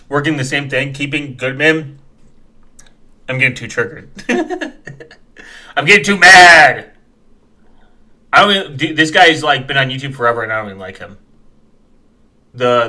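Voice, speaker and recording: A man ranting as he reacts to videos, swearing and mocking, dropping to quiet mumbles and then bursting into loud shouts. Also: medium pitch. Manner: angry, profane, mocking, breaks into sudden shouts; mumbles quietly while reading comments aloud.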